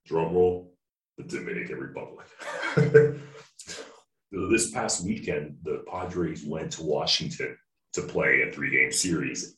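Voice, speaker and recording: A man with an extremely deep voice chats casually as a podcast co-host, rambling, joking and restarting his sentences. He sounds a bit distant from the mic in a roomy, echoey space. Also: a bit bright. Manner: rambling, jokey, restarts often.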